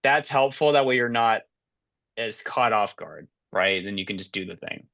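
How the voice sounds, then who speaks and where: A man's voice: on the low side, expressive, moderate pace, gravelly, fairly bright tone, no echo, lo-fi sound. A man co-hosting a podcast, giving thoughtful advice in a casual way, with many fillers. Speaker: podcast co-host. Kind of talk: casual chat.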